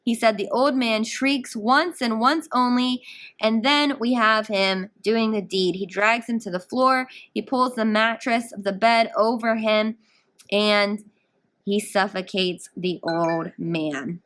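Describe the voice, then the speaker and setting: A woman teacher with a fairly high voice talks students through a short story in a recorded lesson. She explains each passage in an animated, explanatory way, sounding as if she is speaking into a computer mic. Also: slow. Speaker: English teacher. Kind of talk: guided reading lesson.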